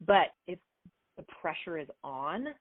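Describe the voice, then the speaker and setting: A woman in her forties, a performance coach answering interview questions in an energetic, chatty way. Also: sits low, unhurried, no echo. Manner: energetic, chatty, acts out little quoted exchanges. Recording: dry, phone-like remote call audio.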